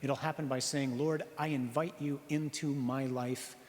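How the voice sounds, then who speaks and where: A priest giving an earnest sermon, slowing down on key phrases and asking the listeners rhetorical questions. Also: male voice, medium pitch, fairly even intonation. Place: church. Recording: reverberant church hall.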